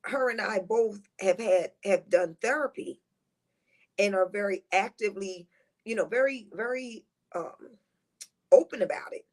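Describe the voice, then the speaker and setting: A middle-aged woman who is a guest on a talk show. She tells heartfelt, rambling personal stories in a lively, positive, high-energy way. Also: unhurried. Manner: rambling, heartfelt storytelling with restarts. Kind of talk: casual conversational interview.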